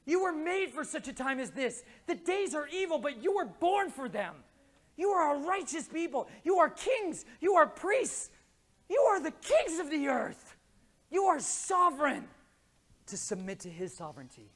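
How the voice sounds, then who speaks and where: A man speaking at a conference, preaching with passion in casual slang. He swings from hushed asides to shouted pleas. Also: very high-pitched, sing-song, moderate pace. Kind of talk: impassioned religious talk. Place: conference stage.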